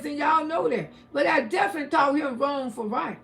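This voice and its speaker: Older woman, livestream host. Blunt, preachy, prone to shouting, high gravelly voice. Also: brisk, few pauses. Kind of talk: casual livestream commentary, reading chat.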